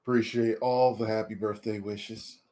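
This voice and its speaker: A man's voice: on the low side, little pitch movement, warm tone. A man in his forties hosting a casual livestream, chatting playfully with his viewers. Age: 40s. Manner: slow, playful, talks to chat. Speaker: livestream host.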